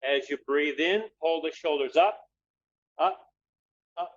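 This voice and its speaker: A man leading a webinar, guiding listeners through breathing and relaxation steps in a calm, unhurried way, repeating his cues in threes. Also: a little high, dull audio. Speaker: webinar presenter leading a stress exercise. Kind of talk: guided breathing instruction.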